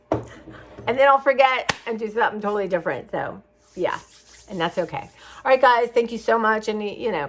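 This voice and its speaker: A middle-aged craft vlogger chats casually and from the heart to her viewers, rambling as she talks to the camera. Her voice is medium in pitch and a bit bright.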